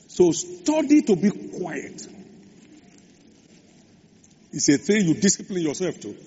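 A man's voice: a little high, animated, darkish tone. Preaching man in an echoey hall. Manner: emphatic, repeats key phrases, slows for stress. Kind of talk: sermon. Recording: echoey hall, dull lo-fi sound, faint hum.

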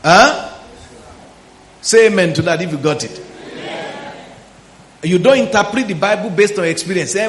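A man delivers a Bible teaching sermon in a high, ringing voice. He keeps checking with his listeners and draws out words for weight. The room is echoey and faint ambience sits underneath. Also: lively intonation, normal speed, pauses often, fairly bright tone, slight background noise. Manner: questioning the congregation, drawing out words for emphasis. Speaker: pastor.

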